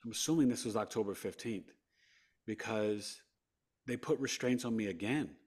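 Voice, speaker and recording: A man from New York, a podcast guest, telling a personal story with big swings between hushed and loud delivery. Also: fairly low pitch, normal speed, breathy edge.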